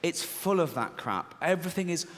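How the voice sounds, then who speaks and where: Crude, animated English comic. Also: male voice, on the high side, normal speed. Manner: crude, sardonic, animated storytelling with frequent swearing. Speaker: stand-up comedian. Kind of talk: stand-up comedy. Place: large theatre stage. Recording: live show in large reverberant hall.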